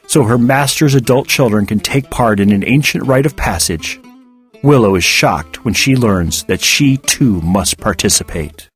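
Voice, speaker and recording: A man narrating a fantasy serial with an expressive reading. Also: medium pitch, breathy edge. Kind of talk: audiobook narration.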